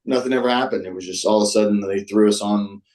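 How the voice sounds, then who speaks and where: A man's voice: fairly low pitch, fast talker, darkish tone, rough recording. A man talking as a guest on a show, telling a story in a rambling, casual way. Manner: rambling, with many fillers and restarts.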